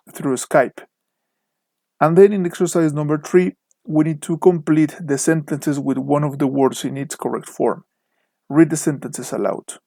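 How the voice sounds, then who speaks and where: Narrating over slides, a young Mexican man whose first language is Spanish teaches English online and demonstrates word-pair stress with care. He speaks at a fairly high pitch with a darkish tone, and there's no room sound.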